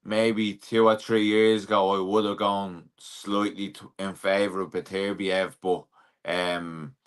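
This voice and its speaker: A young Irish man, a professional boxer, talking through a casual interview in a relaxed, plain-spoken way with plenty of fillers. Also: deep voice, measured pace, clear, resonant tone.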